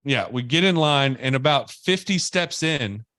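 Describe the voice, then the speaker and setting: Man, podcast host, animated casual storyteller, mid pitch, dry sound. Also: measured pace, dry recording.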